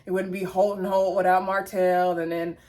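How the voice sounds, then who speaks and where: A woman's voice: fairly low pitch, flat delivery, moderate pace, darkish tone. A woman, casually recapping a reality show episode in a chatty, gossipy way. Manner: chatty, gossipy, acts out the cast's lines.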